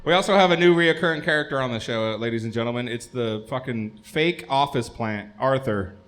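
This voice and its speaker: A man's voice: medium pitch, brisk, fairly bright tone. A man hosting a live comedy show, crude and joking in a loose, unplanned way. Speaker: host.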